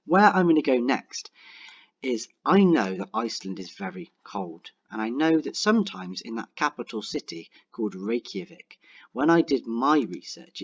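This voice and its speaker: Young male teacher, animated pitch, slows to dictate, slightly muffled audio. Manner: clear, encouraging, slows to dictate sentences. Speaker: primary school teacher. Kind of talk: online writing lesson.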